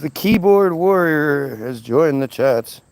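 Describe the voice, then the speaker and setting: A man's voice: fairly high pitch, expressive, slow pace, darkish tone, slight background noise. A man hosting a livestream, retelling a story in a crude, mocking, rambling way. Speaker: livestream host.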